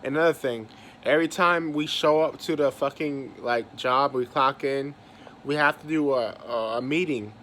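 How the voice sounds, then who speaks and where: A young man rants about his job, cursing and tripping over his own words. His pitch sits in the middle for a man. A faint hum runs behind his voice. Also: normal speed, a bit bright. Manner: heated, profane, repeats himself. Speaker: vlogger venting about work. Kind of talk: angry casual rant.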